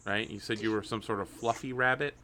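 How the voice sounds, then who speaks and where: A man running a tabletop roleplaying game as game master, narrating playfully with quick asides. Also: on the low side, steady tone, pushed and bright.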